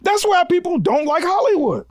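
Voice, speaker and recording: Animated high-voiced man, profane. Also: moderate pace, no echo, studio quality. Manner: animated, profane, loud bursts of laughter. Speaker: podcast co-host. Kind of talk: casual movie review chat.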